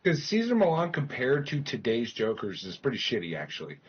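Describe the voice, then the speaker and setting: A man's voice: medium pitch, breathy edge. A man chatting casually on a game stream, swearing freely and jumping between jokes and asides. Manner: animated, swearing, quick asides and laughs. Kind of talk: casual gaming-stream chat. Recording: muffled lo-fi stream audio.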